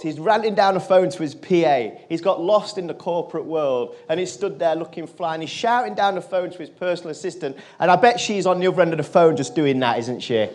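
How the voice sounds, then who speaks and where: A man giving a motivational keynote, telling a personal story to a live audience and turning quiet in the emotional moments. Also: sits high, fairly quick. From England. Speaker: motivational speaker. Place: conference stage.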